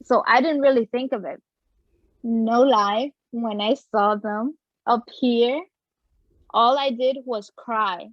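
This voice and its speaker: A woman in her thirties tells her memories in a lively, rambling way, full of "like" and "you know." Her voice sits a little high. The sound is dull and dead-dry, with no room around it. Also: slow pace, dry recording. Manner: animated storyteller full of fillers. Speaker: interview guest. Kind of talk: casual chat.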